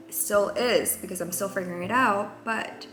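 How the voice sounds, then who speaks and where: A woman's voice: medium pitch, normal speed, a bit bright. A young woman in her twenties talking candidly in a casual vlog, rambling with many fillers. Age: 20s. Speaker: vlogger. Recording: roomy echo, faint music.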